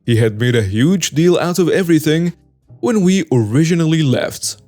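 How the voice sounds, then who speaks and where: A man reading online stories aloud as the regular narrator of a story channel, in a steady scripted voice. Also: fairly high pitch, moderate pace, faint music behind.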